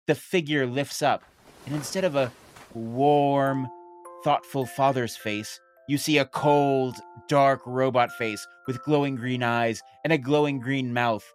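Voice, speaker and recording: A man's voice: mid-range voice, steady tone, unhurried, faint music behind. A man narrating a comedy tabletop game as the game master.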